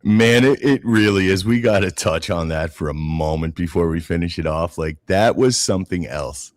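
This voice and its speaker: Speaking at normal speed in a low-pitched voice with no room sound, a Canadian man co-hosts a casual political podcast. He's blunt and swears freely, often restarting sentences and repeating words as he begins.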